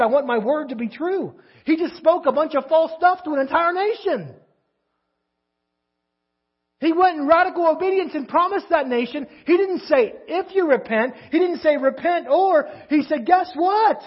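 A man's voice: very high-pitched, moderate pace, highs cut off. A man preaching a sermon in a conversational way, asking his listeners rhetorical questions. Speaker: pastor.

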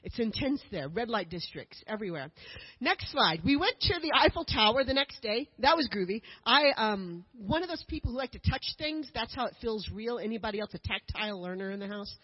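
A woman's voice: on the high side, expressive, a little fast, breathy edge, muffled recording. A woman giving a chatty slideshow talk as a missionary speaker to a church group, with joking asides. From United States.

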